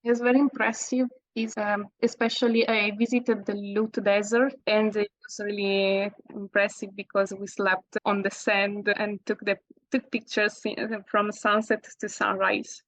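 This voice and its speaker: A woman from Italy speaking English with an Italian accent, a guest in an interview, talking in halting phrases with fillers and self-corrections. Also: mid-range voice, level tone, fairly bright tone, no echo, rough recording. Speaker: guest landscape photographer. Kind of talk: casual interview.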